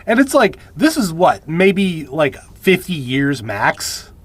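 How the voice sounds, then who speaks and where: A man's voice: fairly high pitch, big pitch swings, slow pace. A man co-hosting a podcast, recapping a movie with dry wisecracks. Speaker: podcast co-host. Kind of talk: casual movie recap chat.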